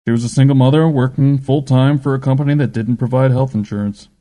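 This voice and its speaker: A man voicing a cold, impatient male spirit guide who lectures loudly and dismissively. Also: medium pitch, steady tone, fast, in a large hall, pitched above the performer's own voice, close to an everyday voice. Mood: lecturing.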